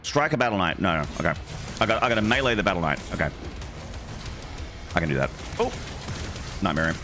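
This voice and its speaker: Man in his forties, low voice, casual streamer chat, crude humor, sudden shouts, faint music underneath. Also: a little fast. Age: 40s. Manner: joking, crude, excitable outbursts. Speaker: game streamer. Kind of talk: casual gameplay chat with chat room.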